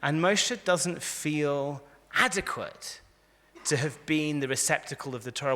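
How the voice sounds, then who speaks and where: A man, a rabbi, giving a lively lecture to a live audience, telling stories and acting out the quotes with frequent restarts. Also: fairly high pitch, measured pace. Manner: animated storyteller, frequent restarts, acts out quotes. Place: large convention hall. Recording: echoey hall.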